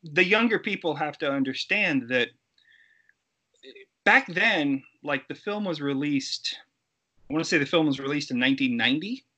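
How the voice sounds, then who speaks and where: A middle-aged man telling stories as an interview guest, animated and acting out quoted voices. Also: on the high side, normal speed, muffled recording. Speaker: interview guest, creature suit performer. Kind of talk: casual storytelling interview.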